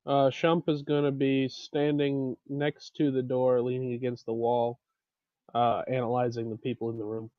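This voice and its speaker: A man's voice: mid-range voice, flat delivery, moderate pace, dry recording, muffled recording. A man playing a tabletop game over voice chat, thinking aloud in a hesitant way. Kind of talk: casual play over voice chat.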